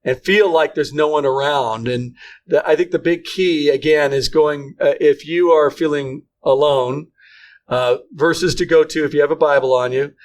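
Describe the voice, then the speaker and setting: A man's voice: a little high, steady tone. A middle-aged man co-hosting a faith podcast, talking earnestly with frequent restarts. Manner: earnest, halting, many restarts. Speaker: podcast co-host. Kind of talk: casual faith conversation.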